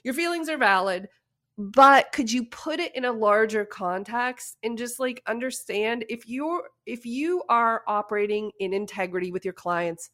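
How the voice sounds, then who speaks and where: A woman in her forties hosting a podcast, giving casual advice with lively stories and frequent laughs. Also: a little high, moderate pace. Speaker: podcast host.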